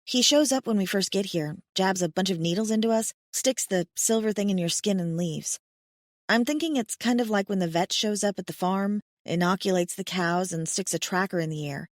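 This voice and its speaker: A woman's voice: mid-range voice, moderate pace, no room sound, studio quality, lightly acted. A woman reading the part of a blunt, wry young farm-raised woman in an audiobook, frank and darkly joking. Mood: matter-of-fact. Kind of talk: audiobook character voice.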